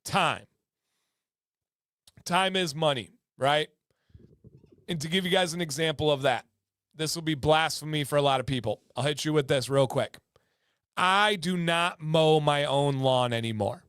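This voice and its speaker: A man's voice: a little high, measured pace, long pauses, a bit bright, clear, resonant tone, dry recording, clean studio sound. Emphatic man hosting a livestream. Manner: emphatic, repeats words for stress. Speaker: livestream host. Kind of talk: casual livestream chat.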